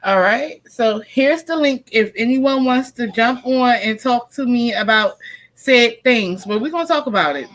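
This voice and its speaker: Give me a talkative woman, a bright voice pitched a bit high. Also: lively intonation, a little slow, rough recording. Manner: chatty, talks to her pet and her viewers. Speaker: tarot reader and live stream host. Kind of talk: casual live-stream chat. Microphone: computer or phone mic during a live stream.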